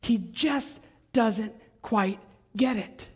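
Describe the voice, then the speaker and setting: A woman's voice: a little high, very slow, slightly rough. A woman pastor preaching a sermon in a church, often asking her congregation questions. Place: church sanctuary. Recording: long church reverb.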